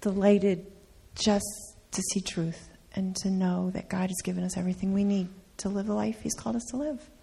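A woman's voice: medium pitch, steady tone, normal speed, gravelly, hardly any pauses, dark tone, breathy edge. A woman sharing an earnest testimony with her congregation, stressing her points by repeating them. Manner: earnest, emphatic repetition. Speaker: trip speaker sharing testimony. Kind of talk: heartfelt testimony.

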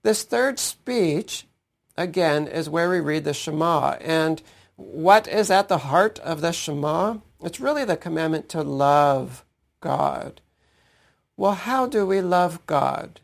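A man's voice: fairly high pitch, lively intonation, slow, creaky. A man teaching a weekly Torah portion, thoughtful, often checking in with "right?". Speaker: Bible teacher.

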